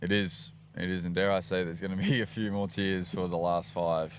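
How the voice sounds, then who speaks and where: A man's voice: low-pitched, level tone, normal speed, slight background noise. A man from Queensland with an Australian accent, co-hosting a live race stream with jokey, teasing casual banter. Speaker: livestream co-host. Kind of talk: casual live event commentary.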